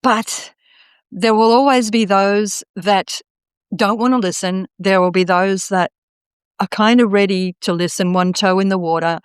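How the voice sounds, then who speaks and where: A woman's voice: mid-range voice, steady tone, a little slow, smooth, no room sound, clean studio sound. A woman hosting a podcast interview, reflective and affirming, often repeating words as she thinks. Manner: warm affirming listener, reflective, many repeats. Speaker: podcast host. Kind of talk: casual interview chat.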